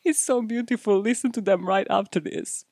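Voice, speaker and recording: A female podcast host chats casually about true crime, mocking herself, laughing often and swearing freely. Her mid-range voice is gravelly and a little mellow, at normal speed, in a dry, close recording.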